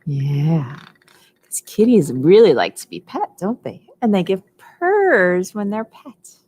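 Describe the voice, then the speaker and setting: A woman leading a preschool storytime, talking in a slow, sing-song way for small children. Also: mid-range voice, big pitch swings, warm tone, slight background noise. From United States. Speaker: children's librarian.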